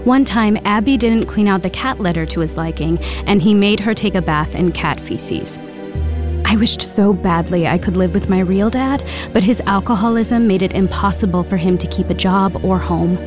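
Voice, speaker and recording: A woman's voice: mid-range voice, normal speed, close to an everyday voice. A woman narrating her own hard childhood in first person for a radio drama, in a reflective, earnest voice. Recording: narration over background music.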